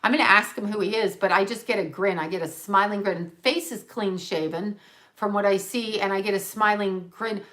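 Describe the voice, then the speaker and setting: A woman's voice: medium pitch, steady tone, normal speed, fairly bright tone. A woman, a psychic medium, talking on a livestream as she channels, rambling and correcting herself, repeating words for emphasis.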